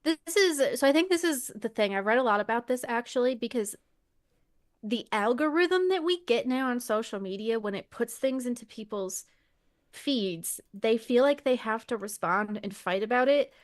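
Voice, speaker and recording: A woman with a slightly raised pitch co-hosts a casual podcast. She speaks bluntly and swears freely while giving her opinions. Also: lively intonation, normal speed. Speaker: podcast co-host. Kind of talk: casual chat.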